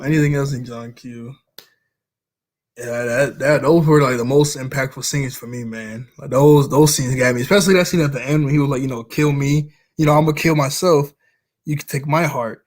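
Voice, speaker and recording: A man chatting casually about movies he likes, rambling along, often chuckling as he retells scenes. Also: medium pitch. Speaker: vlogger.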